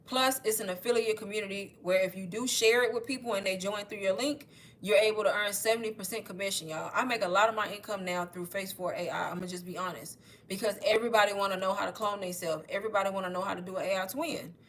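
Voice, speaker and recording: A woman chats straight to her livestream viewers. She is a little out of breath and keeps calling them "y'all" as she pitches online courses in a relaxed, talkative way. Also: fast talker, slight background noise. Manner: chatty, addresses viewers as y'all. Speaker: online marketing creator. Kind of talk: casual livestream sales talk.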